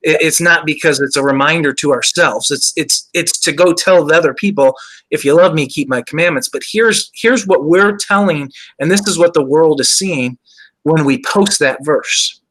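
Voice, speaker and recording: A man's voice: fairly high pitch, normal speed, fairly bright tone, poor audio. A man hosting a show, earnestly explaining his religious views in casual conversation, with frequent "you know" fillers. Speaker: show host. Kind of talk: casual faith discussion.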